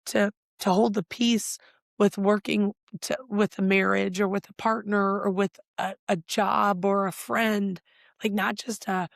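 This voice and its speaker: A woman's voice: medium pitch, unhurried, gravelly, dry recording, clean studio sound. Candid middle-aged woman telling her story. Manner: animated, acts out past dialogue, gets emotional. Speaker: guest, life coach.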